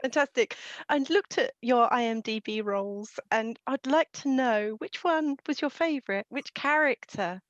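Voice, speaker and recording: A woman hosting a podcast interview with a fairly high voice. She chimes in with short encouragements. Her sound is dry and a bit dull, heard over a remote call. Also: moderate pace, few pauses, no room sound. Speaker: podcast host. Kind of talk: interviewing a guest.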